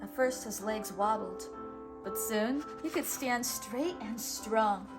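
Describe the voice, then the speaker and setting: A woman reads a children's storybook aloud at an unhurried, careful pace, each line clear and expressive. Her voice sits a little high for a woman. Soft music plays in the background. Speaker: storybook reader, channel host.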